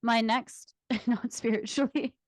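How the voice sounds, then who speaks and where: A woman's voice: on the high side, steady tone, slow, dry recording, clean studio sound. A young woman co-hosting a podcast, telling stories in casual chat, laughing often and swearing. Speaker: podcast co-host.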